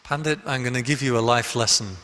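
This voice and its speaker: A man's voice: mid-range voice, fast, sharp tone, long reverb tail, natural voice. A man voicing a wry, resigned father. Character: friend's wry, resigned middle-aged father.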